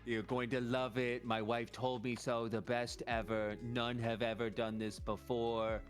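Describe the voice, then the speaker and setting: A man's voice: mid-range voice, flat delivery, measured pace, faint music behind, lightly acted. A man voicing a boastful male politician who speaks in repeated superlatives.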